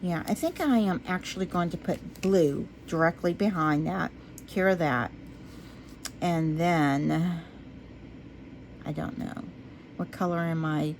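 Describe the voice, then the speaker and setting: Slow, chatty woman crafting. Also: a little hiss or hum. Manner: chatty, talks to herself while working; drifts into low, quiet talk when focused. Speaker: resin craft vlogger. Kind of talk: casual crafting commentary.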